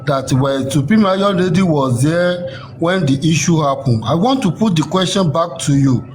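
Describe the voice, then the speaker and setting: A man's voice: on the high side, expressive, moderate pace, darkish tone. A man in a live online debate, asking his question politely and formally, then pressing for a straight answer. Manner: polite, formal, insistent, with many fillers. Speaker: livestream participant asking a question. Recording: noisy live-stream audio.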